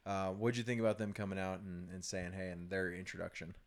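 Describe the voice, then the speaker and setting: A man in his thirties co-hosts a relaxed gaming chat. His voice sits a little low, and he laughs often and fills gaps with ums and quick restarts. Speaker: co-host of a gaming video series.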